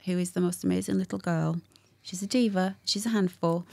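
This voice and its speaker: A woman telling a personal story as a guest in a candid conversation, animated and acting out what people said, with frequent laughs. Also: on the low side, brisk, vocal fry. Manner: animated, acts out quotes, laughs often.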